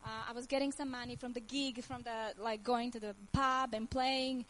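A woman from Croatia in her thirties, with a Croatian accent, gives an earnest and emotional testimony of her faith, laughing often and using nonnative grammar. Her somewhat high, slightly bright voice holds a steady tone at normal speed, though the audio quality is poor.

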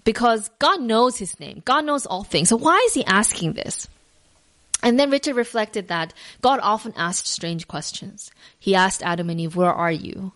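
A woman hosting a devotional podcast, telling a story in an earnest, reflective way with frequent fillers and restarts. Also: mid-range voice. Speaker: podcast host.

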